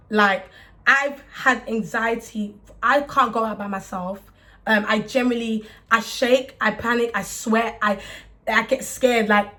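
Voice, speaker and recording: A young woman talks openly to the camera in a casual, rambling way. She often restarts her sentences and fills gaps with small words. Her voice sits a little high. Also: fairly bright tone. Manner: fast, rambling, with many restarts and fillers. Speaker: music artist talking to camera. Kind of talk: candid casual talk to camera. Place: indoors, warm room.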